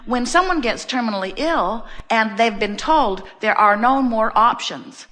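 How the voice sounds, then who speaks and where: A woman's voice: mid-range voice, normal speed. A woman giving a spiritual teaching talk to an audience, telling stories with emphasis and repeating her key phrases. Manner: animated storyteller acting out everyday scenes. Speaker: inspirational speaker.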